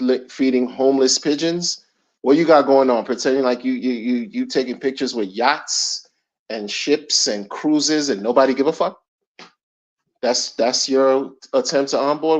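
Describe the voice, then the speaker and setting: A middle-aged man ranting in casual commentary, emphatic and slangy, repeating his points. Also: medium pitch. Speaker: commentary channel host. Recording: dull lo-fi recording.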